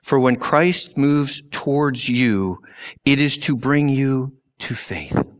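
Slow, deliberate male preacher. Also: medium pitch. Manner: slow and deliberate, with long pauses and sudden drops to a hush. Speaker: pastor. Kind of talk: sermon.

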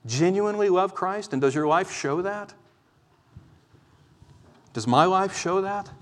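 A man preaching a sermon from the pulpit, earnest and pleading, moving between urgent exhortation and quieter teaching. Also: sits high, animated, measured pace. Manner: impassioned, pleading, swings from loud exhortation to quiet explanation. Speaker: pastor. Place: church. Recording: long reverb of a church hall.

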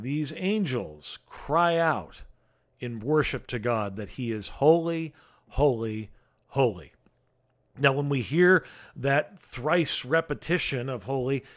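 A man preaching a sermon in an earnest way, slowing down to stress the scripture he reads aloud. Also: mid-range voice, lively intonation. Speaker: pastor.

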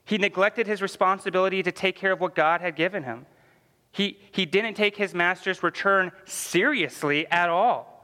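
A man's voice: high-pitched, moderate pace, pushed and bright, long reverb tail. A man teaching a church Bible class in a conversational way, full of "like" fillers and questions to the class.

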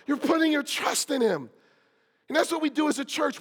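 A man preaching a sermon with rising passion, repeating key lines with slow emphasis, and closing in a hushed, quiet prayer. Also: very high voice, husky. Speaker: pastor.

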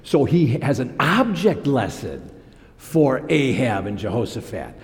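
A male preacher talks through scripture in a conversational sermon, and his pitch swings widely as he acts out the scenes. His voice carries a long reverb, like in a large hall. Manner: animated and conversational, with quick voice changes as he acts out scripture. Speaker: pastor.

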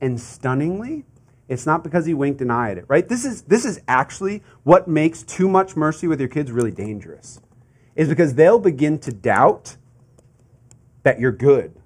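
Male pastor, sermon delivery, animated pitch, conversational but fervent. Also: normal speed, slightly rough. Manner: conversational preaching, building to fervent emphasis; asks the congregation rhetorical questions.

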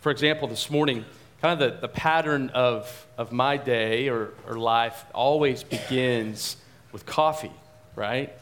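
A man in his forties preaching a sermon as pastor, telling a family story in a chatty, animated way. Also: medium pitch, unhurried. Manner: anecdotal, chatty and animated, frequent restarts.

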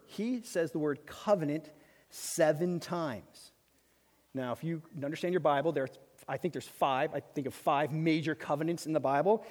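High-voiced pastor preaching in a hall. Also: male voice. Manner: emphatic, swings between loud bursts and quiet asides. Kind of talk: sermon. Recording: long reverb of a large hall.

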